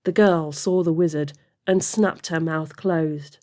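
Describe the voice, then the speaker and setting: A woman reading a fantasy story aloud as narrator, steady and expressive. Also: low voice, takes it slowly. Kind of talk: audiobook fiction reading.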